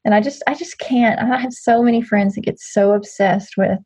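A woman's voice: medium pitch, fairly even intonation, moderate pace, a little mellow, breathy edge. A woman speaking as an interview guest in a casual, candid chat, rambling with frequent restarts. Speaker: guest, social media creator.

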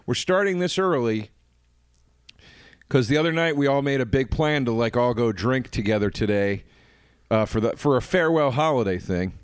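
A man's voice: medium pitch, clean tone, no room sound, studio quality. A man co-hosting a podcast in casual chat, telling stories animatedly and swearing with exasperation. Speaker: podcast co-host.

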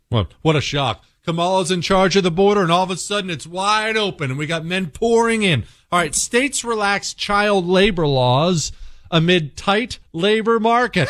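A man's voice: dry recording, studio quality. Blunt, sarcastic male talk radio host. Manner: blunt, sarcastic, swings between low mutters and loud outbursts. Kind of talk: opinionated talk radio monologue.

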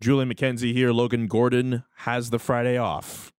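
A man's voice: mid-range voice, normal speed, clear, resonant tone, no room sound. A man hosting a sports radio show in a studio, chatting casually and upbeat. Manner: lively, laughs easily, upbeat. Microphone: studio mic.

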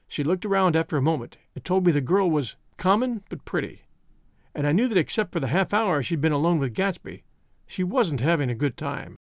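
A man's voice: a little high, lively intonation, brisk, no echo, clean studio sound. A man narrating a novel as an audiobook, giving each character a voice.

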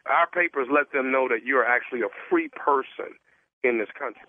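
A man making a prank phone call, posing as a salesman with an earnest pitch full of stumbles and restarts. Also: normal speed, no echo. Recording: tinny phone line.

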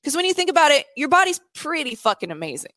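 A woman's voice: high voice, very animated, fast, fairly bright tone, dry recording. Woman, podcast co-host, casual chat, blunt, heavy swearing, dry close sound. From Nebraska, USA. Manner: swears a lot, blunt and emphatic. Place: indoors at a co-host's house.

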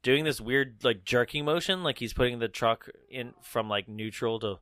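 A man co-hosting a casual movie recap chat, animated and laughing often as he acts out the characters' lines. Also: mid-range voice, moderate pace, no room sound, clean studio sound. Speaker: podcast co-host.

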